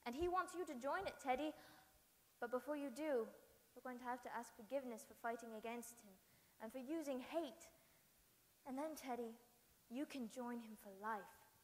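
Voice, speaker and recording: A gentle old parson, as a woman puts him on, speaking low, slow and soft. He sounds calm and fatherly. A long hall reverb lingers. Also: natural voice. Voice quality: soft, lowered and measured.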